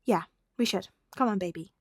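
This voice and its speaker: A woman voicing a gentle, affectionate young man in a fan fiction reading, soft and fond in tone. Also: medium pitch, normal speed, husky, dry recording, clean studio sound.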